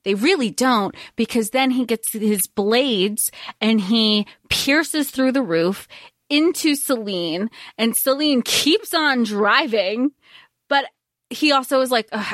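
A woman's voice: mid-range voice, a bit bright, no room sound, studio quality. A young adult woman co-hosting a podcast, talking through a film in a conversational way. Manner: conversational, laughs between points. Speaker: podcast co-host. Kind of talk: casual film recap chat.

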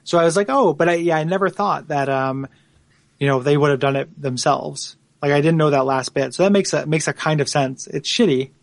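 Gravelly-voiced man in casual podcast chat. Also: on the high side, fairly quick, no echo. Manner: rambling, many restarts and fillers. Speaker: podcast co-host.

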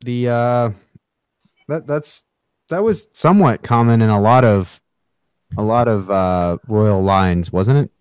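A man's voice: fairly low pitch, slow pace, darkish tone, clear, resonant tone, dry recording. A man co-hosting a podcast in casual chat, easygoing and full of fillers that let his sentences trail off.

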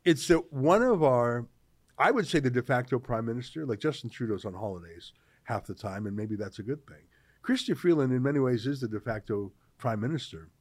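A man from Canada hosting political commentary, talking in an animated, sarcastic way. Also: medium pitch, fairly quick, no room sound. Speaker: host.

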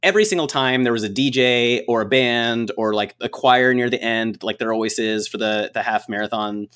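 A man in casual chat, telling a lively story with lots of filler words and frequent laughs. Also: medium pitch, moderate pace, smooth. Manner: rambling, filler-heavy, laughs often.

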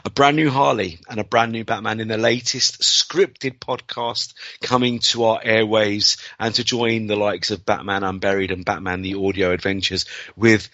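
A male podcast host with a bright, tense voice who speaks slowly and deliberately. His delivery is dry and close to the mic, with somewhat dull sound. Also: on the low side, dry recording. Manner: emotional, playful. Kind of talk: casual podcast chat.

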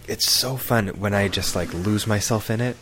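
A man's voice: on the low side, moderate pace, a bit bright, slight background noise. A man in his thirties, a podcast co-host, telling rambling stories in easygoing casual chat.

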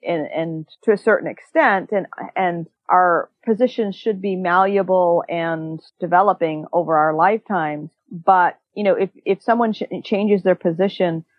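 A woman talking earnestly as a guest in a conversational interview, animated and often restarting her sentences. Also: lowish voice, normal speed, hardly any pauses, dry recording, highs cut off.

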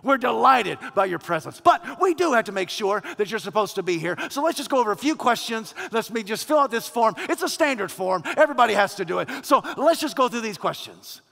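A calm, officious male angel at heaven's gate, as a preacher puts him on, speaking with patient, rehearsed politeness. His voice is high and gravelly, set in a long echoing hall. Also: brisk, hardly any pauses, full character voice. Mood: soothing.

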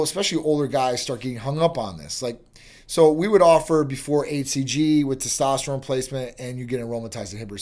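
A man hosting a clinic talk show, explaining health matters in a casual, chatty way that keeps checking in with "right?" and "you know". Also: a little high. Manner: chatty, repeats "you know" and "right?", acts out quick exchanges. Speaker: host of a medical clinic show.

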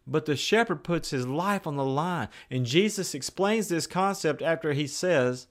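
A man preaching a sermon in a conversational way. He moves between raised, emphatic declarations and hushed, slow asides. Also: a little high, animated. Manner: conversational, with plain everyday phrases.

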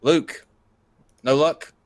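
A man's voice: extremely slow, no room sound. A man hosting a live online show, giving step-by-step instructions and joking along the way. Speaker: host.

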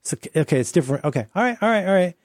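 A man's voice: sits high, lively intonation, racing, no room sound, studio quality. A man hosting a podcast in casual chat, rambling and playful as he riffs from one tangent to the next. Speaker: podcast host.

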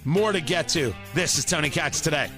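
A man's voice: fairly high pitch, expressive, normal speed, over music. A man hosting a talk radio show, rambling in a monologue full of stammered restarts and sarcastic asides.

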